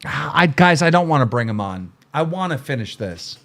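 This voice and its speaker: A man's voice: on the high side, very animated, moderate pace, fairly bright tone. A middle-aged man hosting a livestream, ranting in an angry, mocking, profane way. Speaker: livestream host.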